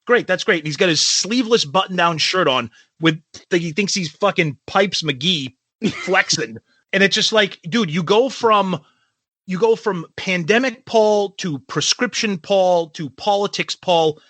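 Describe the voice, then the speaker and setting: Sarcastic guy ranting on a podcast, high bright voice, dry close sound. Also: measured pace, dry recording. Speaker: podcast co-host. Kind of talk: casual chat.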